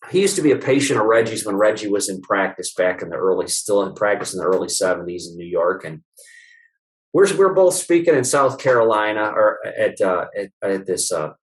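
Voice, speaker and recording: A middle-aged chiropractor being interviewed, telling anecdotes casually, acting out the dialogue he quotes and joking with some mild swearing. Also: fairly low pitch. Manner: lively anecdotal storyteller, acts out the dialogue he quotes; swears casually and laughs at his own stories. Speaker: chiropractor guest. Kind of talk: casual storytelling in a podcast interview.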